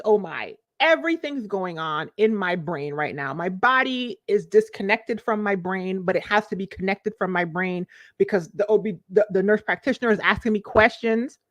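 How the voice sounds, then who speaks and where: A woman in her forties telling a personal story to her live-stream viewers, expressive and confiding, with sudden leaps in pitch. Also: no echo, clean studio sound. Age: 40s. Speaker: vlogger, life coach.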